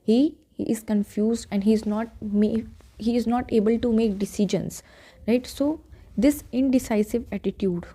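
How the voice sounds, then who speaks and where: A woman's voice: fairly high pitch, fairly even intonation, normal speed, mellow, slightly rough. A woman with an Indian English accent giving an exam-prep lecture, explaining step by step and checking in with "okay" and "right".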